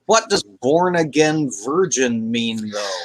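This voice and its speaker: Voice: mid-range voice, lively intonation, takes it slowly, a crowd in the background. Co-host with a dry, wry delivery in casual chat.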